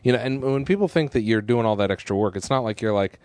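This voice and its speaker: Lowish-voiced guy hosting a podcast, chill and jokey, trips over his words a lot. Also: quick pace, clear, resonant tone, no room sound. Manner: relaxed, joking, stammers into restarts. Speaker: podcast host. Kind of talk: casual podcast chat.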